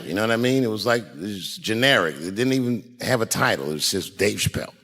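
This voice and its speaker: Male comedian, profane animated storyteller, very lively pitch, stand-up set.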